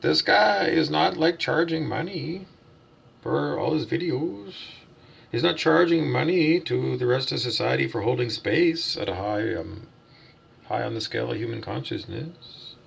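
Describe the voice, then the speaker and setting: A man's voice: mid-range voice, expressive, measured pace, gravelly, slightly rough. A man delivering a blunt, profane, preachy vlog rant as a self-styled spiritual teacher, asking himself questions and answering them. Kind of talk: ranting vlog monologue.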